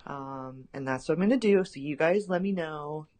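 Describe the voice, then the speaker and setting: A woman's voice: deep voice, normal speed, warm tone. A woman leaving a rambling, giggly voice message for a podcast, full of ums. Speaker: voicemail caller. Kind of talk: casual recorded voice message.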